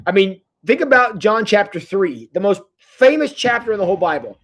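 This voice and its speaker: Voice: mid-range voice, big pitch swings, fairly bright tone. A pastor giving a casual, joking livestream sermon and reading viewer comments aloud, often stopping and restarting mid-sentence. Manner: jokey, conversational, halting restarts. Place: church.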